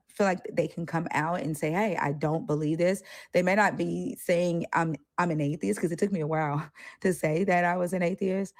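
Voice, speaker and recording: Lowish-voiced woman, blunt and animated. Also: no echo, clean studio sound. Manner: animated, swears freely, acts out quoted voices. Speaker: co-host. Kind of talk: casual panel discussion.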